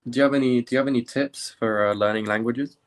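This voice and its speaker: A young man from the UK chatting casually on a study live stream, rambling with many pauses and fillers. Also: mid-range voice. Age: young adult. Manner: relaxed, rambling, many ums.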